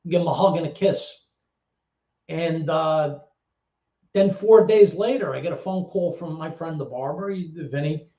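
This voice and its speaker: New York accent, man, somewhat high voice, rambling and profane, echoey room, muffled lo-fi audio. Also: measured pace, dark tone. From the Bronx, New York. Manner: rambling, profane, many restarts and fillers. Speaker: guest. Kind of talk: casual personal storytelling. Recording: roomy, dull lo-fi sound.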